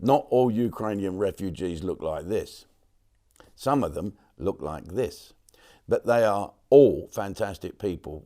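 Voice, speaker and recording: An older man hosting a live online show, rambling jokily and swearing, with sudden swoops into high mock voices. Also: lively intonation, measured pace, dark tone. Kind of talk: casual comic monologue.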